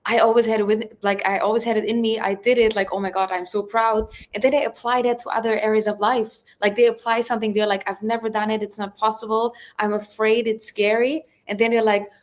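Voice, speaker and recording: A woman's voice: fairly high pitch, steady tone, brisk, few pauses. A woman mindset coach as a podcast guest, talking enthusiastically in casual conversation and using "like" a lot. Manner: enthusiastic, heavy use of "like". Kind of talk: casual interview chat.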